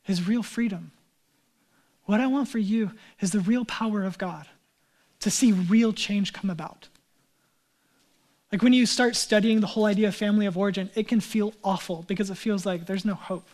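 Male pastor, 30s, high voice, earnest conversational sermon, pleading tone. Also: normal speed, darkish tone.

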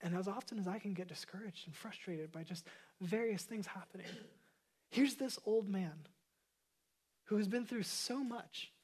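A man preaching a sermon as pastor, earnest, repeating key phrases and moving between emphatic lines and hushed ones. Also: high-pitched, moderate pace, breathy edge.

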